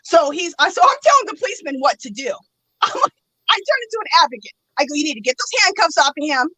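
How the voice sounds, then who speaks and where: A woman telling a story in casual chat, animated and laughing often, acting out the other people's lines. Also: sits high, fast talker, no room sound, low-quality recording. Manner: animated, laughs often, acts out quoted voices.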